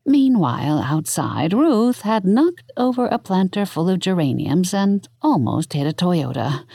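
A woman narrating a story in a lively manner. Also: fairly low pitch, a little slow, creaky, few pauses, slightly rough, no echo, clean studio sound. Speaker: audiobook narrator.

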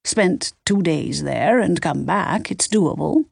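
A woman's voice: lowish voice, expressive, slow pace, vocal fry, darkish tone, breathy edge, no room sound, full character voice. A woman voicing a practical, level-headed woman sleuth.

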